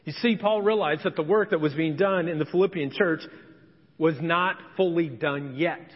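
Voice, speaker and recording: A pastor from Indiana, USA, with a voice on the high side and a moderate pace, preaches a conversational sermon, acting out the voices of the people he quotes. He's in a church sanctuary, and the recording has an echoey hall sound that is dull and lo-fi.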